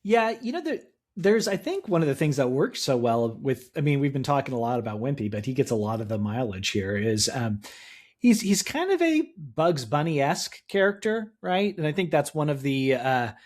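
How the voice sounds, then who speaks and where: A man's voice: medium pitch, sing-song, normal speed. Thoughtful man in casual chat. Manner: thoughtful, hesitant with fillers. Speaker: podcast co-host. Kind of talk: casual chat about comics.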